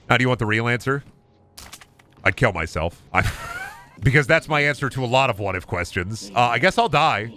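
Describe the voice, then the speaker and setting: Young male streamer, lively pitch, bright voice, rambling fast goofy chat, faint hiss behind. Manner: fast, rambling and goofy, often loud and high when joking. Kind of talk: casual gaming stream chat.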